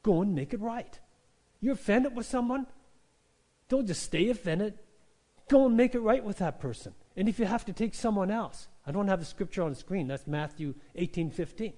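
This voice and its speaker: A male pastor preaching an animated sermon. He calls out to the congregation for an "Amen" and acts out quotes as he goes. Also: high-pitched, moderate pace.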